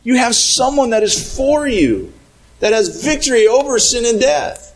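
A man preaching a sermon as a pastor, lively and conversational, acting out little scenes and sometimes shouting. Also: very high-pitched, measured pace, low-quality recording.

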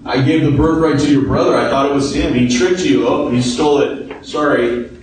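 A man's voice: medium pitch, steady tone, normal speed, natural voice. A man putting on a frail old dying father. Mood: weary. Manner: weary, apologetic. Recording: echoey room from far off, faint noise.

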